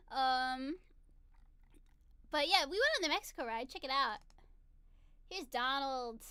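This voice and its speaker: Bright, chatty young-sounding woman. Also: high-pitched, dry recording. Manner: chatty, giggly, lots of fillers. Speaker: vlogger. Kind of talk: casual chat.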